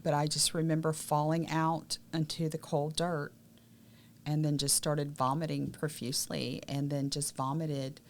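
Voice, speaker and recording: A woman with a Southern accent, candidly recounting her personal story in a podcast conversation, often dropping to quiet, emotional tones. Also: deep voice, flat delivery, unhurried, slight background noise. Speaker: podcast co-host sharing her survival story.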